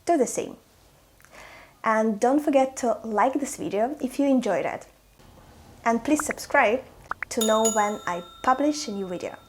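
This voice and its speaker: A young woman leads a pronunciation lesson in a slightly high voice. She speaks clearly and deliberately, repeating each example word so learners can copy it. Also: background noise. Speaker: language teacher.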